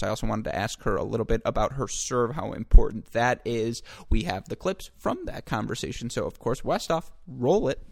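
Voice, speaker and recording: A man's voice: mid-range voice, vocal fry. A man hosting a sports podcast, talking in a rambling, chatty way that often stops to correct itself. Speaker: podcast host. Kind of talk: sports podcast commentary and interview.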